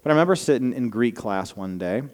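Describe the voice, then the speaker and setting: A man's voice: medium pitch, expressive, fast talker. A man in his thirties preaching a sermon to a congregation, telling personal stories in a conversational, self-deprecating way with a slight Southern American accent. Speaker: pastor. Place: church sanctuary before a congregation. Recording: long reverb of a large hall.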